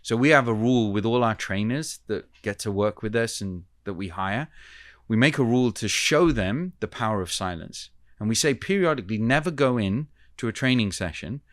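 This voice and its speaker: A man who is a communication expert, explaining ideas in a measured, teacherly way as a podcast guest. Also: on the low side, lively intonation, no room sound, studio quality. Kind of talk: podcast interview.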